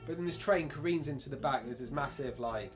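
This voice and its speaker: A man's voice: medium pitch, a little fast, loud music behind the voice. A man co-hosting a casual film review chat, leading the talk in a dry, teasing way. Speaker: podcast co-host.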